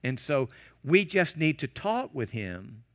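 Guest pastor, male, animated sermon delivery in a church, pitched a little high. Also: slow. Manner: animated preaching, acting out quoted prayers and shouts.

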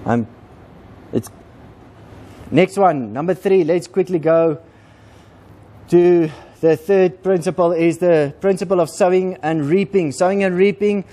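High-voiced man preaching. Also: unhurried, pauses often, mellow. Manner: conversational, repeats words, asks the congregation questions. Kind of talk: sermon.

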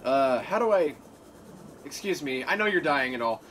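A man with a fairly high, animated, somewhat bright voice hosts a let's play at a moderate pace, with a little hiss or hum under the game music. He's chatty and playful, gushing and talking to the creatures he meets.

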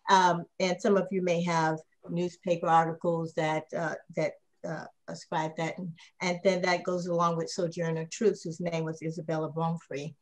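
A woman history professor speaking on a panel, thoughtful, with many fillers and restarts. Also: fairly low pitch. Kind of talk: panel discussion.

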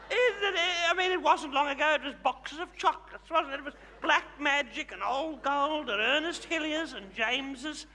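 A man's voice: extremely high pitch, creaky, full character voice. A man playing a flamboyant older Australian woman, a self-styled glamorous megastar, teasing the audience with theatrical endearments in a live stage comedy show. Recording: live theatre with long reverb, loud crowd.

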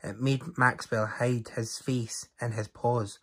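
A man reading a picture book aloud to children in an expressive storytelling voice. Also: mid-range voice, takes it slowly, hardly any pauses, breathy edge.

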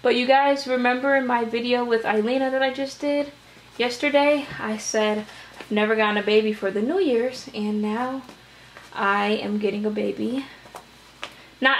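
A woman's voice: a little high, steady tone, moderate pace, a little hiss or hum. Chatty, breathless young woman vlogger. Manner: rambling, chatty. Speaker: doll-collecting vlogger. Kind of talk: casual vlog chat. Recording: echoey room.

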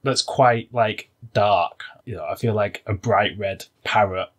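A man's voice: on the low side, a little slow. A man co-hosting a comedy podcast, chatting casually, laughing often and trailing off into fillers. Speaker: podcast co-host.

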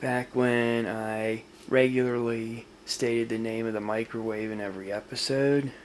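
Playful man hosting a slow kitchen experiment. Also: medium pitch, fairly even intonation, slight background noise. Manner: playful, self-mocking, upbeat. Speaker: host of a microwave experiment show. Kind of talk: casual kitchen experiment vlog.

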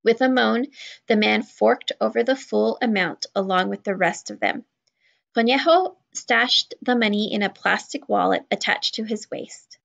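Woman, read-aloud narration, steady storytelling, very gravelly voice, mid pitch. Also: normal speed, lo-fi sound. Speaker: children's book reader.

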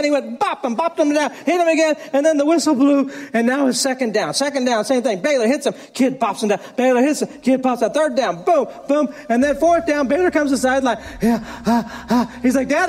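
A middle-aged male pastor preaching a sermon, telling a story in a lively way and often laughing. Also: very high-pitched.

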